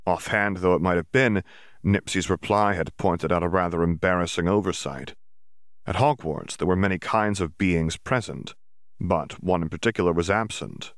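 A man reading a serialized story as audiobook narrator in a steady, measured way. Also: low voice, no room sound, clean studio sound. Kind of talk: scripted narration.

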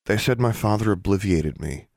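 A man's voice: lowish voice, animated, normal speed, gravelly, a little mellow, dry recording, clean studio sound, voice pushed up. A man voicing Alexandra, an upset, defiant teenage girl student, in a lightly raised, tense voice in an audiobook. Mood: numb.

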